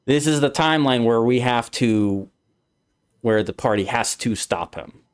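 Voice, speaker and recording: A man's voice: mid-range voice, a little slow, clear, resonant tone. A man streaming a casual discussion, rambling through his explanation with many restarts. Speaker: streamer, host.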